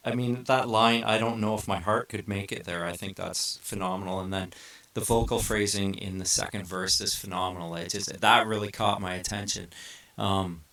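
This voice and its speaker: A man from Canada hosts the chat, eager and quick to agree with his guest. His voice is low and gravelly with a forceful edge. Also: fairly even intonation. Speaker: podcast host. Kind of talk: casual interview chat.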